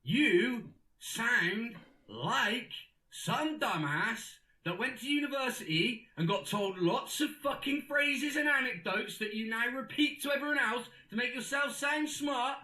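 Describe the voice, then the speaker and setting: A man putting on a high, furious ranting conspiracy crank. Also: lively intonation, unhurried, reverberant, full character voice, poor audio. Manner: abusive, sweary, shouting tirade. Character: furious male conspiracy theorist ranting in voice messages.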